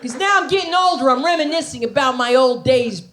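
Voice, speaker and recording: A woman's voice: sits high, fairly quick, fairly bright tone. A middle-aged woman from New Jersey doing a stand-up comedy set, brash and profane, confiding in the crowd on a club stage. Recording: live club recording with noisy room.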